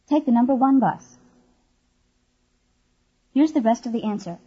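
A woman narrating a language course tape, explaining words and grammar in clear, measured scripted narration. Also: on the high side, warm tone, lo-fi sound.

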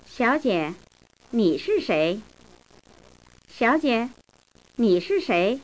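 Slow, lively-pitched woman reading drill phrases. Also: poor audio. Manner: slow, careful, clearly articulated phrases. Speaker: language course speaker.

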